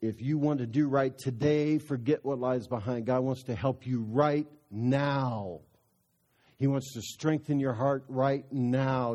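A man's voice: medium pitch, unhurried, warm tone. A man preaching a sermon, telling a story in a conversational way that builds into fervent exhortation.

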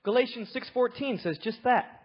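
A woman preaching a sermon, telling a story with animated swings from quiet to shouting. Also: fairly high pitch, moderate pace, breathy edge. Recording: slightly dull lo-fi recording.

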